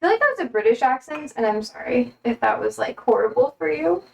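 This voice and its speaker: A woman's voice: fairly high pitch, lively intonation, quick pace, creaky, lo-fi sound, a little hiss or hum. An American woman cooking in her home kitchen on a live stream, chatting casually and answering her chat. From United States.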